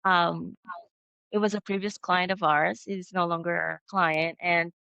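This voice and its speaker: A woman's voice: on the low side, fairly even intonation, unhurried, vocal fry, pushed and bright, smooth, no room sound, muffled recording. Earnest Filipino woman, careful speech. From Philippines. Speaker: executive assistant, guest. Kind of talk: video interview.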